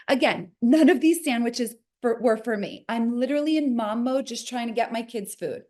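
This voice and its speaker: A woman in her forties with a New Jersey accent tells a story as an interview guest. Her voice sits a little high, and she acts out every quoted line with lively shifts. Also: fairly quick, few pauses. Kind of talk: animated storytelling.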